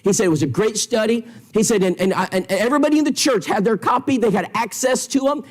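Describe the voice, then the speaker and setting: A man's voice: sits high, quick pace. A man teaching an evangelism seminar in a church, telling stories with quoted dialogue in an emphatic way. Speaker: preacher.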